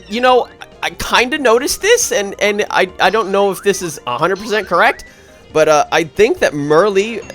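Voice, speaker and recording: A man with a fairly high, slightly bright voice gives casual, rambling commentary over a video game playthrough as a let's play commentator. He's sarcastic and often corrects himself mid-sentence.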